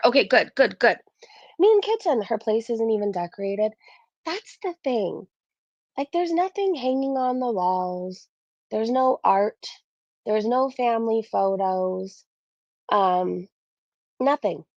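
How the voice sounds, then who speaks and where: A woman's voice: on the high side, darkish tone, dry recording, muffled recording. A woman hosting a casual livestream, bubbly and greeting her chatters by name. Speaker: livestream host.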